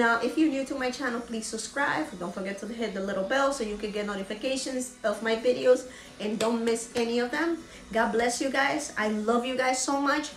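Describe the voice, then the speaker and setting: A woman's voice: fairly high pitch, fairly bright tone, reverberant. A woman vlogger giving an emotional motivational talk. She is earnest and preachy and repeats phrases for emphasis.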